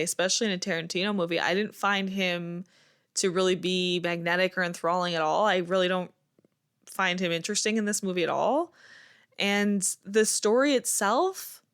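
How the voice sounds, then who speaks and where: A woman's voice: on the low side, moderate pace, a bit bright. A woman co-hosting a movie review podcast in casual chat, giving blunt, opinionated critiques. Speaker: podcast co-host.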